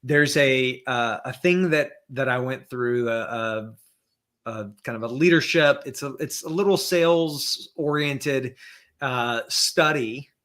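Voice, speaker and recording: A man's voice: medium pitch, takes it slowly, a bit bright. A man as a podcast guest in casual conversation, thinking aloud with many fillers and restarts, over a video call.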